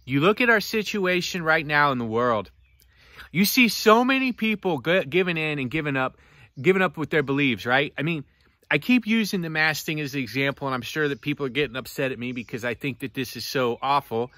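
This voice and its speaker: A man reviewing a book in a passionate, preachy vlog rant that swings between loud outbursts and low, intense talk. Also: lively intonation, brisk, no room sound.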